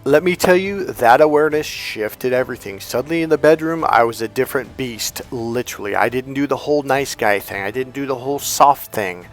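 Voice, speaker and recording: A man working as a dating coach, delivering a motivational monologue through emphatic, profanity-laced storytelling. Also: medium pitch.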